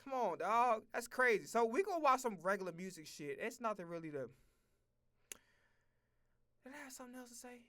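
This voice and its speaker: A man streaming, talking in a casual, profane, animated rant full of restarts and repeated words. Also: extremely high pitch, a little fast, pauses often, dry recording, clean studio sound.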